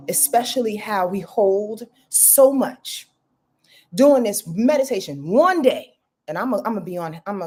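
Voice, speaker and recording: Husky-voiced woman, candid and swearing. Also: medium pitch, dark tone. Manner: candid, blunt, swears freely, rambling. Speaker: astrologer. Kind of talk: casual confessional vlog monologue.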